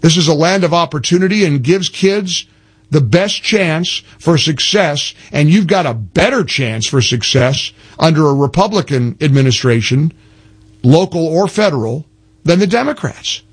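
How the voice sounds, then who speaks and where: Brisk older talk radio host. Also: male voice, a little high, expressive, breathy edge. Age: 60s. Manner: emphatic, spells things out slowly, frequent restarts.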